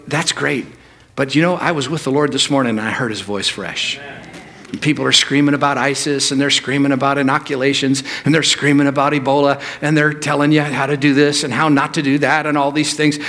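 A male pastor preaches a sermon at a church service, swinging between loud, emphatic peaks and quiet, low asides.

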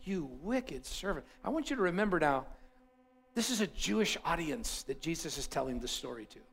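Male pastor, high pitch, emphatic sermon storytelling. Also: a little fast, gravelly, slightly rough. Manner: animated storytelling, repeats himself for emphasis.

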